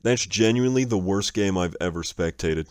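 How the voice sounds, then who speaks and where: A man's voice: low-pitched, normal speed, clean tone, no room sound, clean studio sound. A young man casually commenting on someone else's gameplay, exasperated, swearing and laughing often.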